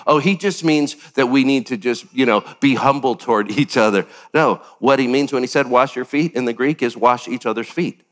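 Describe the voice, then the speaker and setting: An older man preaching a sermon as pastor, animated, with sudden jumps up in pitch and acted-out quotes. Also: normal speed.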